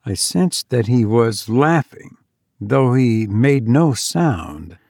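Male narrator, first-person story reading. Measured, gravelly, dry close sound. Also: mid-range voice, expressive, a little mellow, no room sound.

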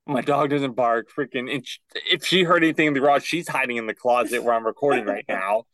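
A young man co-hosting a podcast, telling a casual story and acting out quotes with rising pitch. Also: quick pace, crowd noise. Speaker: podcast co-host. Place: closet at home.

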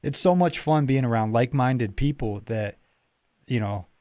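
In a casual interview chat, this podcast host rambles and restarts often. He has a medium, slightly mellow voice at a normal pace, recorded at studio quality with no room sound.

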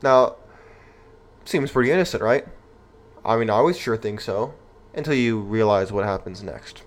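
A man's voice: on the low side, lively intonation, moderate pace. A young man hosting an opinion commentary show, reading news aloud and reacting with rhetorical, indignant outrage.

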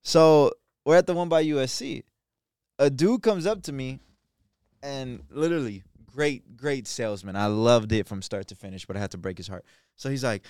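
A man's voice: medium pitch, animated, normal speed, clear, resonant tone, no room sound, clean studio sound. A man in his twenties co-hosting a podcast, telling stories in a laid-back, joking way. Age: 20s. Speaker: podcast co-host. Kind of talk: casual chat.

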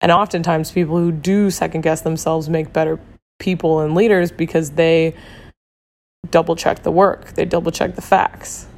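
A woman hosting a casual solo podcast, her voice hoarse and rough after losing it, talking candidly with swearing and lots of fillers. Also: low voice, level tone, normal speed, a little mellow. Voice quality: rough, gravelly. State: hoarse from a lost voice. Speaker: podcast host.

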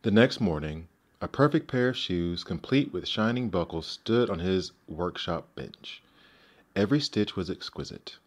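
Deep-voiced man reading fairy tales. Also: expressive, measured pace. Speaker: storyteller. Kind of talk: storybook narration.

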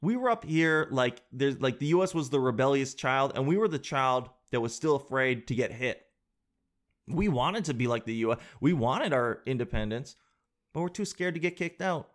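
A man from Canada hosts a podcast in a loose, joking chat. He talks in an animated, slangy way at a medium pitch. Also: moderate pace. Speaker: podcast host.

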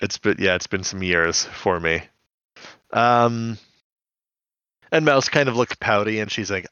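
A man's voice: fairly low pitch, pushed and bright, smooth, dry recording, highs cut off. A man co-hosting a podcast, casually recapping scenes in a chatty way. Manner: chatty, recounts scenes with quick quoted voices. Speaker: podcast co-host.

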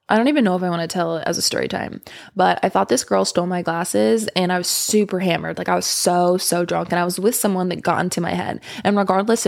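A woman's voice: fairly low pitch, gravelly, no echo, clean studio sound. A young woman telling a candid storytime to her viewers, rambling and swearing freely. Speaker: vlogger. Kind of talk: casual storytime monologue.

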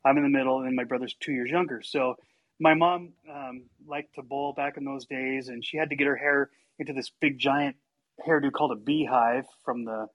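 An older man with a husky voice, telling stories from his childhood in a casual chat and acting out his family members in livelier voices. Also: moderate pace, lo-fi sound. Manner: animated, acts out family members in higher voices. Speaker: storyteller guest.

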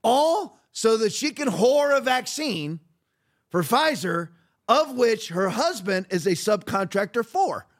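A man's voice: very high voice, big pitch swings, slow. A man hosting a podcast, giving heated, emphatic political commentary. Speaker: podcast host.

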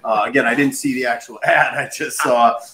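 A man's voice: mid-range voice, fairly even intonation, a little fast, sharp tone, a little hiss or hum. A man who owns a bar, a guest on the show, talking in a dry, wry way about beer. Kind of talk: casual chat. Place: his bar.

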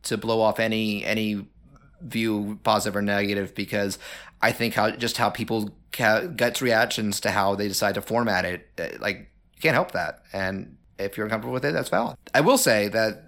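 A man's voice: on the low side, normal speed, a bit bright. A man co-hosting a casual podcast about movies. He talks in loose, rambling sentences full of "like" and "uh", circling back to restart his points. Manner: chatty, many fillers and restarts. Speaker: podcast co-host. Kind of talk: casual film discussion.

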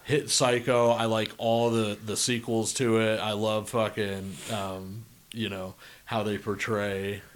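A man's voice: fairly low pitch, little pitch movement, slow pace, few pauses. A man talking in casual podcast chat, enthusiastic and swearing casually.

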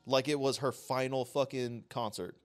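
A man co-hosting a casual podcast chat, ranting in an animated, profane way. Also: medium pitch, normal speed, faint music behind. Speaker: podcast co-host.

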